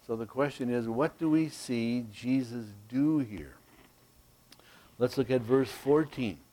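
A man preaching a sermon, teaching verse by verse in a slow, emphatic way and checking in with "Okay?". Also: medium pitch, mellow, rough recording. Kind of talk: expository sermon.

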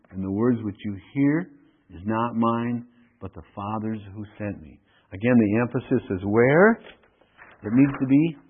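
A man's voice: medium pitch, breathy edge. A man preaching an expository Bible sermon. He reads scripture aloud, then explains it and asks the congregation questions. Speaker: pastor. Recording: tinny phone-like radio broadcast.

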